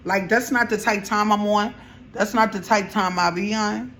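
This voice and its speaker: A young woman vlogger chatting through a storytime while she does her makeup, animated and slangy. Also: medium pitch, moderate pace, a little hiss or hum.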